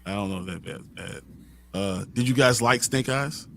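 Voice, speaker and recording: A man co-hosting a movie review show, blunt and quick with quips in casual chat. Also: medium pitch, a bit bright, slight background noise. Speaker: podcast co-host.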